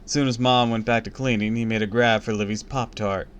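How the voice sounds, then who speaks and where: A man's voice: lowish voice, steady tone, brisk, a little hiss or hum. A man reading a children's book aloud on a stream, breaking off with crude, joking asides. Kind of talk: casual read-aloud with commentary.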